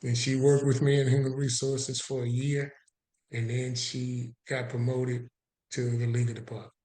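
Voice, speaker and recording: In an echoey space, a podcast guest relates a personal anecdote at normal speed in a medium pitch. He's an animated storyteller who performs both parts of the conversation himself.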